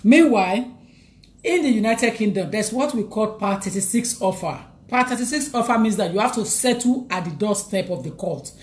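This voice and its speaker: A woman's voice: mid-range voice, brisk, hardly any pauses. A woman lawyer giving advice to viewers, talking emphatically and repeating her points to drive them home.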